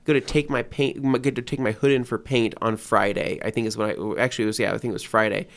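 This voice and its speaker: A man's voice: mid-range voice, steady tone, fast talker. A man in his thirties, a podcast co-host, telling a story in casual chat and acting out his own reactions.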